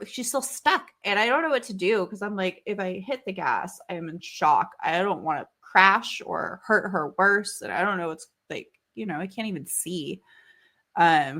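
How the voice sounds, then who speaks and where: A woman's voice: lowish voice, animated, normal speed, pushed and bright. A woman in her thirties, a podcast co-host, telling a story in casual chat. She rambles with many fillers and swears freely.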